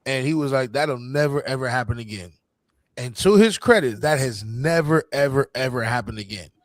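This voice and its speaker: A man's voice: medium pitch, normal speed, no echo. A man in his forties, a podcast host telling a family story in a loose, slangy way, laughing often. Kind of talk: casual storytelling chat.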